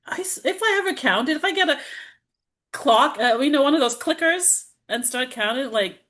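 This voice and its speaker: A woman's voice: high voice, expressive, moderate pace, fairly bright tone, a little hiss or hum. A middle-aged woman, a healing practitioner, chatting as a podcast guest and acting out her own self-talk with lots of laughter. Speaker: guest, traditional Chinese medicine practitioner. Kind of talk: casual podcast conversation.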